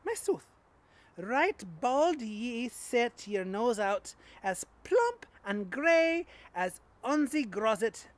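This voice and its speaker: Indignant Scottish churchgoer voiced by a man, broad-accented, deliberate and unhurried, declaiming verse. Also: very high-pitched, very animated, exaggerated voice. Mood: scolding. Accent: put-on Scottish.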